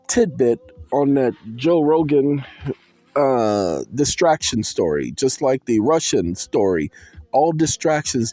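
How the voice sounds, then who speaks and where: Here a man vlogs in a relaxed, lively way, hailing his viewers and now and then lapsing into sing-song, backed by soul music. The pitch is medium and the sound carries no echo.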